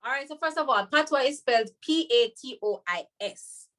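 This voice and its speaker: A Jamaican woman guest on a podcast who explains with lively, swooping intonation and breaks into laughter easily. Her voice sits a bit higher than most women's. She talks in an animated, warm back-and-forth manner. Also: moderate pace. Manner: animated, laughs often, slips into patois when quoting. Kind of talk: podcast conversation.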